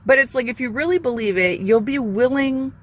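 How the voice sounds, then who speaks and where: A woman's voice: high-pitched, fairly quick, a bit bright, slight background noise. A woman hosting a Christian channel, giving an earnest, rambling devotional talk full of fillers and restarts. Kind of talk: informal devotional talk to camera.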